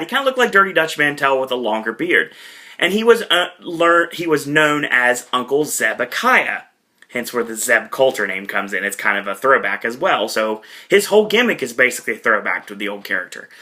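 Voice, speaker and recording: Man, casual recap monologue, chatty asides, fairly high bright voice. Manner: chatty, animated, with asides to viewers. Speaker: podcast reviewer.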